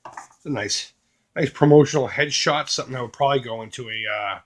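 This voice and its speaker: A man casually showing off a box of collectibles, joking crudely and doing quick mocking voices for the pictures. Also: medium pitch. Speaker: retro collecting YouTuber. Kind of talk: casual unboxing commentary.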